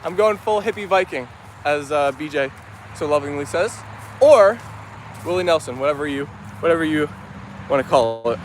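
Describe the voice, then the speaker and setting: A man casually livestreams outside among dogs and chickens, upbeat and talkative as he greets viewers by name and reads their messages. His slightly high voice is expressive at normal speed, with long pauses and a bit of background noise.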